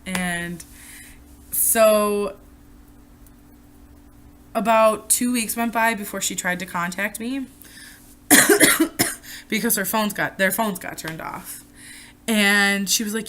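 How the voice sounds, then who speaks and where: A young woman vlogger telling a personal story, animated and full of swearing. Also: mid-range voice, slow pace, long pauses, a little hiss or hum. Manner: animated, profane retelling. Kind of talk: casual storytime vlog.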